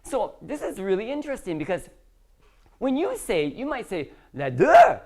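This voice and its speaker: Speaking at a moderate pace in a slightly high voice, a woman leads an English lesson. She brings the class to life by acting out little dialogues with strong emphasis.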